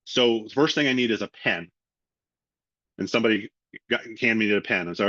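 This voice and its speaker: A man's voice: fairly low pitch, fairly quick, long pauses, fairly bright tone, no echo. A middle-aged man giving a webinar sales training and acting out both sides of phone calls. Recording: dry, slightly dull lo-fi audio.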